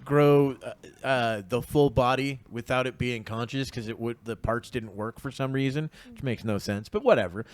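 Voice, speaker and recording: A man co-hosting a podcast in casual banter, with an upbeat radio DJ-like voice, laughing, swearing and getting loud. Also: medium pitch, normal speed, hardly any pauses. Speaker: podcast co-host.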